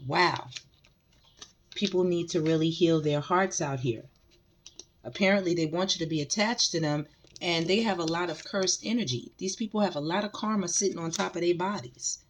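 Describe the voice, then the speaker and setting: A tarot reader gives a casual spiritual reading in a lowish voice at normal speed, with a little hiss or hum in the background. She's emphatic, often repeats phrases, and speaks directly to the collective of viewers.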